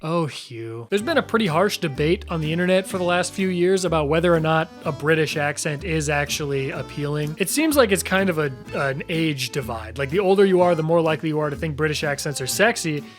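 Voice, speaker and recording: Casting: young male online host, high voice, playful snark, faint music behind. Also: animated, brisk, hardly any pauses. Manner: sarcastic, jokey, talks straight to the viewer. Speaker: YouTube host. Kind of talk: comedic video commentary.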